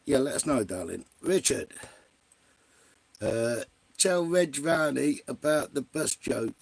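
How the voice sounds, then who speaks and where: A man's voice: mid-range voice, animated, slow pace, gravelly, no room sound. A man hosting a live stream in casual chat, greeting viewers by name and swearing freely.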